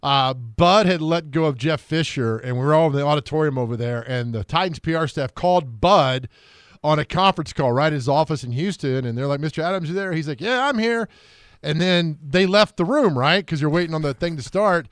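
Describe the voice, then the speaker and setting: A man's voice: a little high, fairly quick, dry recording, clean studio sound. A man co-hosting sports talk radio, rambling and telling stories with many restarts.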